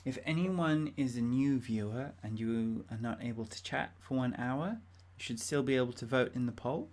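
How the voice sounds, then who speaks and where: A woman's voice: extremely low pitch, normal speed, a little mellow, a little hiss or hum. A woman running an interactive role-play stream as game master, chatty and giggly with many ums.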